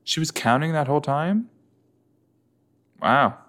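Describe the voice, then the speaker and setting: A man's voice: fairly high pitch, expressive, slow, a bit bright. A man chatting casually and joking as he reacts to a show, with many fillers. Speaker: reaction video host.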